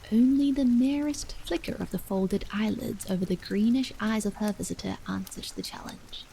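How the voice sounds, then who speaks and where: A woman reading a bedtime horror story aloud as whispered role-play, hushed and unhurried. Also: mid-range voice, vocal fry, slight background noise, rough recording. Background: rain.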